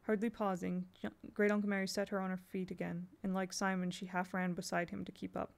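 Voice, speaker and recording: A woman's voice: lowish voice, flat delivery, a little fast, gravelly. A woman reading a children's fantasy novel aloud as an audiobook, telling it evenly and unhurriedly, with small restarts. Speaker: audiobook reader.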